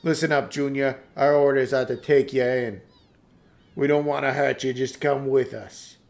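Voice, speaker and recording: A man's voice: medium pitch, steady tone, normal speed, vocal fry, darkish tone, close to an everyday voice. A man voicing a cocky axe-wielding soldier in a game playthrough, threatening in tone. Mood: menacing.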